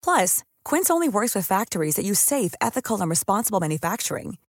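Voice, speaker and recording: A woman's voice: mid-range voice, very animated, quick pace, dry recording, studio quality. A woman reading a scripted ad in an upbeat, enthusiastic way. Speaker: ad reader. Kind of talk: scripted ad read.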